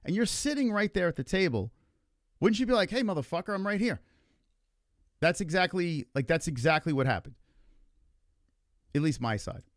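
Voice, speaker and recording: A man's voice: fairly high pitch, expressive, normal speed, long pauses, no room sound, clean studio sound. A man hosting a livestream in casual, argumentative chat, swearing freely and rambling with lots of filler words. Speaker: livestream host.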